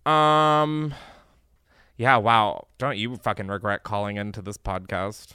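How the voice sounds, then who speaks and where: A man's voice: on the low side, fairly even intonation, slow, sharp tone, smooth, no room sound, clean studio sound. A young man hosting a podcast, chatting casually in a campy, profane way. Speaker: podcast host.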